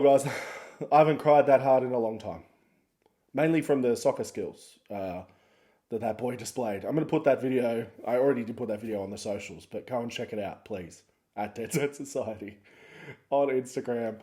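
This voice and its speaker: A man's voice: mid-range voice, moderate pace, mellow. A man hosting a podcast, chatting casually in a rambling, jokey, self-mocking way. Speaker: podcast host. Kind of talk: casual podcast intro chat.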